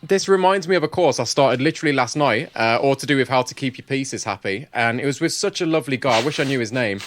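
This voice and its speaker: A man's voice: mid-range voice, lively intonation, fast talker, a bit bright, no echo. A man, co-hosting a podcast in casual chat, jokey and playful, swearing casually. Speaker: podcast co-host.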